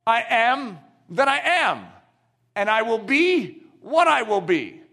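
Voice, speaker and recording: A man preaching a sermon, emphatic and animated, full of rhetorical questions to his listeners. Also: very high-pitched. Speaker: pastor.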